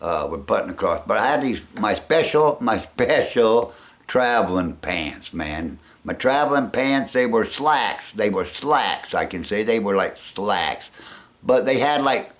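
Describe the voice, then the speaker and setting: Gravelly man rambling with chuckles. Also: lowish voice, expressive, unhurried. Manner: rambling, chuckling often, trailing off. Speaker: vlogger. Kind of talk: rambling casual monologue.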